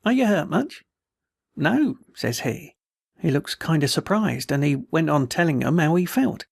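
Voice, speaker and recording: A man's voice: fairly high pitch, lively intonation, a little slow, creaky, slightly rough, no room sound, clean studio sound, full character voice. A man doing a slurred, rambling wounded soldier. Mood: worried. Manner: folksy, pleading, words slurred.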